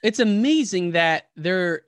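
A man's voice: sits high, animated, slow pace, no echo. Laid-back male podcast host, dry sound. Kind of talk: casual interview.

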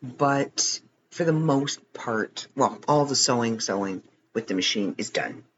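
A man's voice: mid-range voice, lively intonation, a little slow, fairly bright tone, muffled recording, a little hiss or hum. A man hosting a podcast late at night, tired and rambling, chatting casually with self-deprecating jokes and frequent chuckles. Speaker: podcast host. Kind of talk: casual chat.

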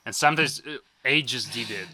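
A man with a Russian accent speaking English as a second language, animated and swearing casually in chat. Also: medium pitch, a little fast, slight background noise.

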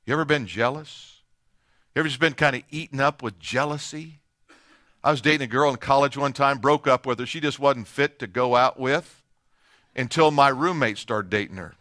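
A man preaching a sermon in a high, ringing voice. He moves between forceful declarations and soft, hushed passages. The sound is dry and close. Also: dry recording. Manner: preaching with dramatic swings from loud to hushed. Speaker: pastor.

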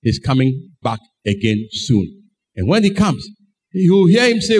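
A man's voice: medium pitch, big pitch swings, measured pace, darkish tone, slightly rough. A man preaching a sermon, telling the story dramatically and acting out the voices in it. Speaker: pastor.

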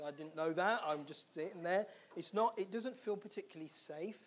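A man preaching a sermon, telling a personal story in a lively way and acting out his own reactions. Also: high-pitched, normal speed, few pauses. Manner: animated storytelling, acts out his own screams and quotes. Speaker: pastor.

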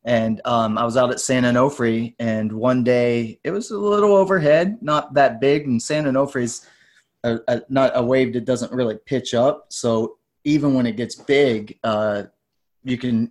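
A man in his forties, a podcast guest, telling stories in a loose, rambling way and jumping into lively voices when he quotes people. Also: mid-range voice, unhurried. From United States. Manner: rambling, tangent-prone, animated when quoting others. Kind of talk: casual storytelling interview.

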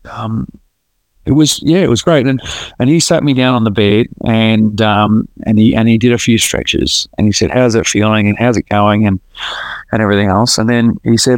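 A man's voice: on the low side, normal speed, no room sound. A man telling his story to a podcast host in a casual, earnest way, often restarting his sentences. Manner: earnest, lively retelling with frequent restarts. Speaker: podcast guest.

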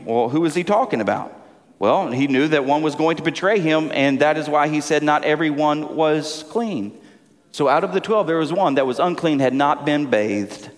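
High-voiced Southern preacher in a reverberant hall. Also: male voice, moderate pace. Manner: animated, joking preacher who repeats words as he goes. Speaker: pastor. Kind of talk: sermon. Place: church sanctuary.

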